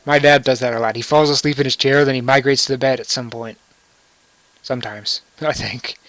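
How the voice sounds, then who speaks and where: A man's voice: medium pitch, fairly even intonation, fairly quick, fairly bright tone, dry recording. Joking young man commenting on a game. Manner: joking, wry, laughs often. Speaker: let's play commentator.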